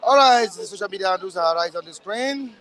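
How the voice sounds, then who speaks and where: A man's voice: high voice, animated, brisk, fairly bright tone. A man with a Nigerian accent hosting a street interview show outdoors. He speaks in an upbeat, promotional way. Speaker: host.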